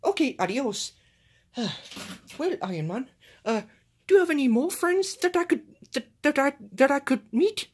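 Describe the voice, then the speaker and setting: A woman's voice: high voice, sing-song. Woman doing a cheery Mexican-accented cactus guy. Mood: friendly. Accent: put-on Spanish accent. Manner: sprinkles Spanish words, drawn-out "oh, see". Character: cheerful male Mexican cactus, friendly and easygoing. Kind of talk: home toy play-acting.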